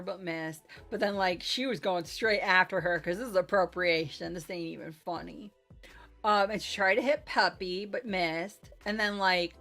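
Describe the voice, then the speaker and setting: A woman game master recapping a tabletop game session in a casual, chatty way, with lots of "like" and "um". She gushes over the players' moves in a mid-pitched voice, with faint music behind. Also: sharp tone. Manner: chatty, filler-heavy with frequent "like" and "um"; gushing.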